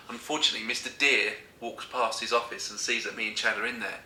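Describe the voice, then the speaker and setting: A man's voice: lowish voice, steady tone, quick pace, few pauses, sharp tone, slight background noise. A man telling a comic story casually, often breaking into giggles. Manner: giggly, keeps breaking into laughter. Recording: echoey room.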